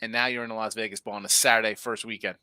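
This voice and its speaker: Male betting analyst, bright forceful tone, dry close sound, rambling and jokey. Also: fairly low pitch, little pitch movement, rapid-fire, smooth, no echo. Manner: rambling, jokey, thinks aloud. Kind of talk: casual sports podcast chat.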